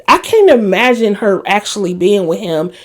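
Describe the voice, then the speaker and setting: Very animated yet moderate in pace, this medium-pitched woman hosts a laid-back TV drama recap. She treats the episode like gossip, laughs along, turns to viewers with asides, and acts out what characters say.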